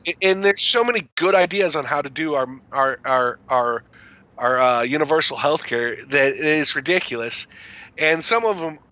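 A man's voice: on the high side, expressive, normal speed, pushed and bright, dull audio. A man co-hosting a podcast, chatting casually about politics, rambling and repeating words. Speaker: podcast co-host.

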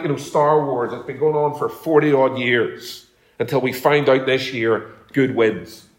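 A man preaching a sermon as pastor, talking in a conversational way and telling homely stories. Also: a little high. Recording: echoey room.

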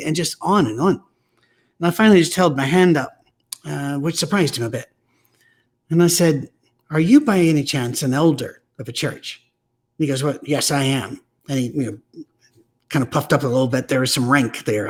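A man's voice: on the high side, a little fast, darkish tone. A man giving a weekly preaching message, telling stories in a blunt, emphatic, conversational way. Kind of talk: weekly message on church teaching.

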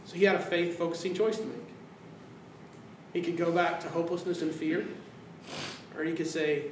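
A man preaching a sermon as pastor, animated, acting out quoted voices and dropping to hushed tones. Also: sits high, a little fast, slight background noise. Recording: roomy sound from a distance.

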